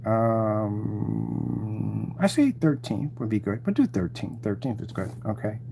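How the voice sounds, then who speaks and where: A man's voice: on the low side, animated, takes it slowly, vocal fry, warm tone, slight background noise. A man hosting his channel, mocking and taunting his rivals in a rambling live-stream rant.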